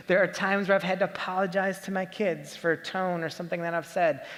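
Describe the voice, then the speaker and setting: High-voiced man preaching in a reverberant hall. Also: a bit bright. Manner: conversational, many rhetorical questions. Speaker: pastor. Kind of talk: sermon.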